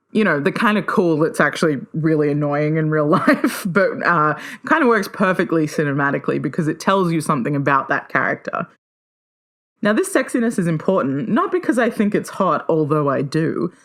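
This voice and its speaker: A woman runs her own podcast by herself, and her delivery is enthusiastic and playful. She often jumps up in pitch as excitement takes over.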